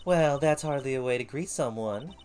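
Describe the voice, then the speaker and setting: A man voicing a brash, sharp-tongued woman who sells lunches, in a pushy, sassy manner. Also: mid-range voice, moderate pace, faint music behind, natural voice.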